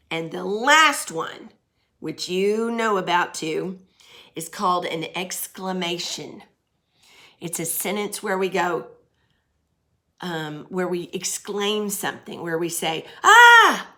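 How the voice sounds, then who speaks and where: A middle-aged woman with a fairly low, slightly bright voice teaches young children a grammar lesson. She is patient, explaining things slowly and using examples and questions.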